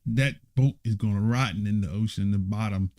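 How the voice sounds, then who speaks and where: A man's voice: on the low side, a little fast, a little mellow, no room sound. A man teaching a Bible study. He reads passages aloud and breaks off for teasing, mock-surprised asides with laughter.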